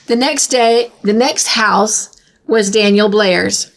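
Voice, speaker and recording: A woman's voice: medium pitch, slow pace. A woman steadily reading a classic novel aloud as narrator. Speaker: storybook reader.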